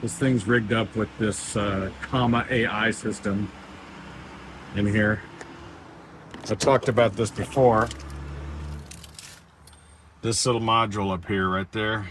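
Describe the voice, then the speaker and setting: A man's voice: mid-range voice, slight background noise. A man giving a casual, rambling tour of his large warehouse workshop, sounding frustrated and often restarting his sentences. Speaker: shop owner giving a tour. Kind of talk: casual vlog walkthrough.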